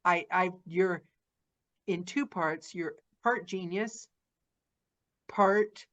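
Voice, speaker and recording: A woman's voice: lowish voice, extremely slow, fairly bright tone, highs cut off. A woman hosting a podcast, talking effusively in casual interview style and peppering her sentences with "like". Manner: effusive, gushing, frequent "like". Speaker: podcast host and narrator.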